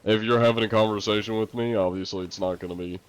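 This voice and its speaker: Fast-talking and smooth, this young man has a fairly low, steady voice as he responds to viewers' questions on his stream. His answers are loose and meandering, heavy with fillers and now and then a curse.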